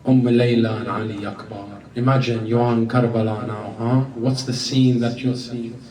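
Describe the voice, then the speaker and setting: A man's voice: level tone, normal speed, mellow, far from the mic. A man delivering a sermon as a mourning lament, his voice climbing into a wailing chant. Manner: recites a lament, pitch rising into a wailing chant. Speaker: speaker at a mourning gathering. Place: large gathering hall. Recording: echoey hall, mic from afar, crowd noise.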